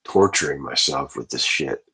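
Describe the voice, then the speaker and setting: A man with a very deep, husky voice rants on a livestream, swearing freely. He rambles from one thought to the next and keeps answering his chat. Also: normal speed, bright, forceful tone, rough recording. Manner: profane, rambling, talks back to chat. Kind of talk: casual livestream rant to chat.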